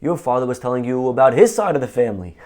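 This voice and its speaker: A man voicing a mother in a told joke, answering softly and plainly in his own voice. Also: mid-range voice, animated, fast talker, lightly acted. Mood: matter-of-fact. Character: mother answering her son.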